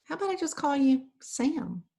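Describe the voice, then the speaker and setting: A woman reading aloud, voicing a brisk, impatient young fairy girl on an important mission. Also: high voice, sing-song, creaky, mellow, pitched above the performer's own voice, full character voice. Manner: brisk and impatient, quick to snap.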